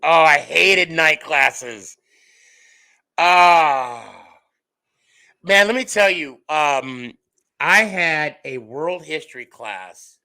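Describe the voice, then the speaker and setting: A middle-aged man hosts a casual podcast, his voice fairly high and very bright, with a gravelly rasp. He tells stories animatedly, jumping between quiet asides and loud outbursts. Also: very slow, pauses often, rough recording. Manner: animated storyteller, big swings in loudness and pitch. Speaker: podcast host.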